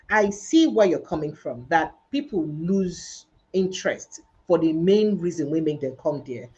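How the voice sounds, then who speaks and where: A woman's voice: low-pitched, rough recording. A Nigerian woman hosting a debate-style discussion who slips into Pidgin and presses her points hard. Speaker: show host.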